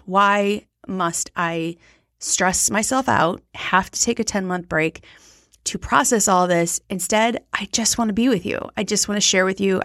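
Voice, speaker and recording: A woman's voice: medium pitch, dry recording. Chatty, frank woman podcast host, dry mic. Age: 40s. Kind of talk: casual solo podcast chat.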